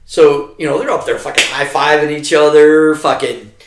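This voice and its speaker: A man's voice: on the high side, a little fast, music in the background. A middle-aged army veteran man telling war stories in casual, heavily profane talk, acting out what people said. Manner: heavily profane, animated, acts out quotes. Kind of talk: casual storytelling over drinks. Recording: roomy echo.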